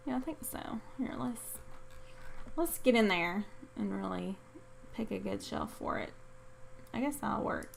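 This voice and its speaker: A woman's voice: medium pitch, unhurried, vocal fry, pauses often, slight background noise. Sleepy woman rambling through her game, keeps saying sorry, jokes about herself. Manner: rambling, apologetic, self-deprecating. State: tired, yawning. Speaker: gaming channel host. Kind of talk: casual gameplay commentary.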